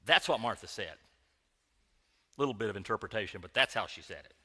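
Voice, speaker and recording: A man's voice: on the low side, expressive, fairly quick, pushed and bright, in a large hall. A man preaching in a conversational, joking style, speaking directly to his congregation in a church sanctuary. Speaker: pastor. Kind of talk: sermon.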